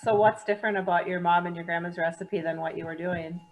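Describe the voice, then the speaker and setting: A woman speaking quickly and enthusiastically in a casual group call. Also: on the low side, fairly even intonation. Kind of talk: casual group video chat.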